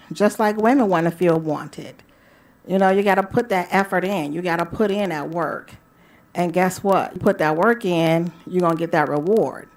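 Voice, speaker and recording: A woman radio host talks in a loose, playful way about love and desire. Her voice sits on the low side for a woman. She slips into breathy, sultry asides and then bounces back into teasing chat. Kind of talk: casual talk radio monologue.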